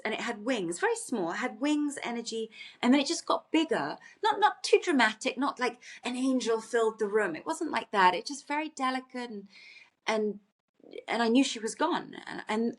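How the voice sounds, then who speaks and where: A woman's voice: on the high side, lively intonation, normal speed. A woman podcast guest telling a personal story in an earnest, reflective way, often restarting her sentences.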